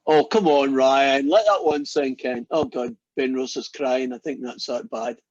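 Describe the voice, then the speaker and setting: A man's voice: mid-range voice, unhurried, dry recording, dull audio. A man giving a casual university lecture, telling jokes and acting out the characters in them. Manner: chatty, storytelling, acts out quoted characters.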